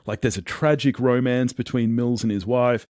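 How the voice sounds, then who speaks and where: A man's voice: mid-range voice, steady tone, normal speed, darkish tone, no room sound, studio quality. A man, a guest on a movie podcast, chatting casually and lightly self-deprecating.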